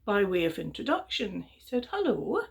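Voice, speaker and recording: A middle-aged woman telling a traditional story to young children in a gentle, chatty way, with fillers and little voiced exclamations. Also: medium pitch, lively intonation, measured pace.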